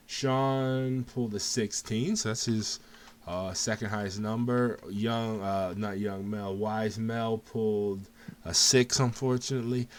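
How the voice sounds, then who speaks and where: A man hosting a casual live game show, calling results in an excited, jokey way and laughing often. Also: fairly low pitch, measured pace, slight background noise. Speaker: host.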